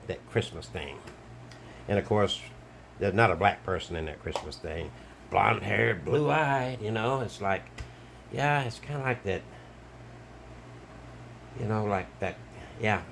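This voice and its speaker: An older man from Alabama, a video commentator, rambles bluntly to the camera in a casual monologue packed with fillers. His voice sits low, with slight background noise.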